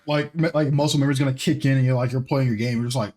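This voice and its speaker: A man co-hosting a casual podcast chat, talking in an animated way that sometimes drops to a mumble. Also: medium pitch, racing. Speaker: podcast co-host.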